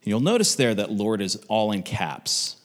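Lively low-voiced man teaching, long reverb. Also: moderate pace. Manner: conversational, animated storytelling with asides. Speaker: Bible teacher. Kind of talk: casual Bible teaching.

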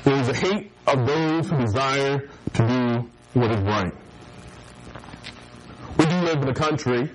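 A man delivering a youth group sermon in a casual, joking way. He slips into mocking voices and laughs with his listeners, at an ordinary pitch. Faint background noise sits under the recording. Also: unhurried, long pauses, low-quality recording. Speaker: youth pastor.

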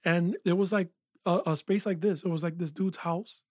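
A man, a music producer and engineer, telling his story in a casual interview with animated energy, saying "yo" and "like" a lot. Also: high-pitched, moderate pace, no echo, studio quality. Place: small recording studio.

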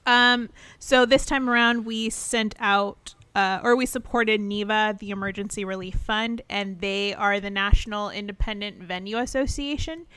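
Woman co-host, relaxed banter, quick laughs, dry asides, bright edge. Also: medium pitch, smooth, no echo. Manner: laughs easily, sarcastic asides. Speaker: podcast co-host. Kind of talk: casual chat.

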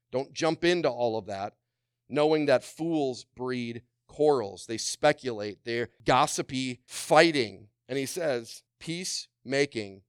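Male pastor with a smooth, dry voice. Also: mid-range voice, no echo. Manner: calls on the congregation to respond; drops to a hushed voice for quoted gentle words. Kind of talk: sermon.

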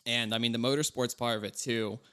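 A man in his thirties co-hosting a casual car podcast, telling stories in a relaxed, rambling way. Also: mid-range voice, fairly quick. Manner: relaxed, rambling, animated storytelling. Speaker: podcast co-host.

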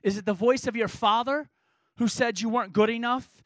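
A man's voice: very high-pitched, steady tone, normal speed, fairly bright tone, no room sound, rough recording. A man preaching a sermon as a pastor, earnest and emphatic, driving points home with repeated rhetorical questions.

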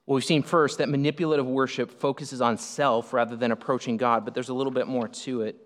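A man preaching a sermon as pastor, animated, acting out the people in the passage he explains. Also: medium pitch, a little fast. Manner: animated, acts out the speakers in the passage. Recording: long hall reverb.

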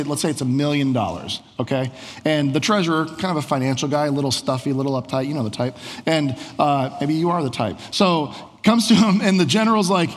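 A male pastor preaching in a loose, conversational storytelling style with a slightly high voice. The sermon carries through a church sanctuary with a long, lingering reverb. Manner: conversational storytelling, frequent "like" fillers.

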